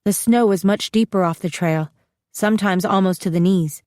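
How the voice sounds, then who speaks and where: A woman narrating a first-person audiobook with steady, even storytelling, recorded close in a dry studio. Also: medium pitch, normal speed, dry recording.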